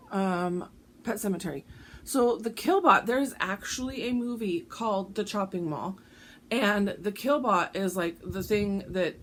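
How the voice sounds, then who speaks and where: A woman chatting casually about her stitching projects, rambling with lots of ums, her voice going a bit hoarse. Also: medium pitch, slight background noise. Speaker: cross-stitch vlogger. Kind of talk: casual show-and-tell chat.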